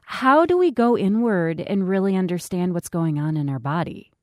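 A woman hosting a call-in radio show, introducing her guest and inviting listeners to phone in, in a clear, steady presenter manner. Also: on the low side, moderate pace, no room sound, clean studio sound. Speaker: radio host.

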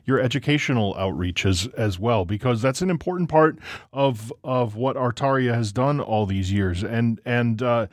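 A man hosting a public radio interview, speaking in a measured, friendly way with some fillers. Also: medium pitch, no echo, studio quality. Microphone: studio microphone.

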